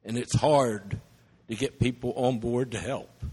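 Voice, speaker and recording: A man's voice: medium pitch, unhurried, a little mellow, husky. A middle-aged man preaching a sermon, telling stories earnestly and emotionally, with some restarts. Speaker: missionary preacher. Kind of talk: sermon storytelling. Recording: long church reverb.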